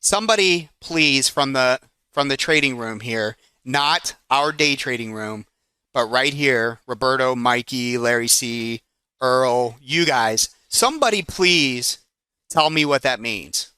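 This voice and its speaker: A man in his forties teaching in a live trading room, chatty and excitable, breaking off now and then to manage his trades. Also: medium pitch, a little slow, clean tone, no echo, clean studio sound. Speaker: trading educator.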